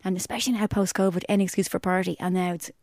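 A woman's voice: medium pitch, dry recording, studio quality. Chatty Dublin woman co-hosting. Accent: Dublin Irish. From Ireland. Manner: lively, chatty, quick to laugh. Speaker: podcast co-host. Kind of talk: casual chat.

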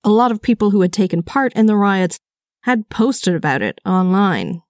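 A woman hosts a true-crime podcast and reads a scripted story, dropping in brisk, conversational asides. Her voice has a middle pitch. The sound is close and dry, with no room echo. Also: lively intonation. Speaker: podcast host.

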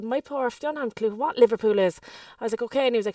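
High-voiced Cork mother. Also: racing, darkish tone, no echo, studio quality, distant mic. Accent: Cork Irish. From Ireland, Cork. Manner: chatty, tells family anecdotes. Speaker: podcast co-host. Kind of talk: casual chat.

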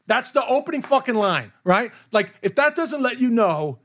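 A man, around his forties, a comedian chatting on a podcast, telling stories in an animated way, acting out dialogue and swearing often. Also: extremely high pitch, moderate pace, hardly any pauses. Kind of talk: casual podcast interview.

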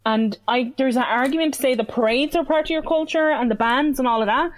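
A woman's voice: sits high, fairly quick. A young woman telling a story in casual chat, acting out what others said. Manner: animated storytelling, acts out quoted voices.

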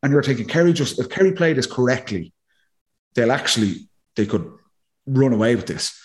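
Speaking at a normal pace in a mid-range voice, this man, once a player himself, analyses a match in relaxed podcast chat. He animatedly voices the players' inner thoughts.

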